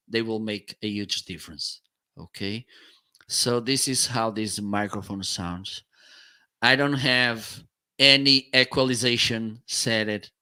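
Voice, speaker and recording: Slow, bright-voiced man demoing microphones. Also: mid-range voice. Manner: casual, explanatory, trying out microphones on air. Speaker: product reviewer. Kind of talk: live-stream product demo. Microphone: studio microphones on a boom arm.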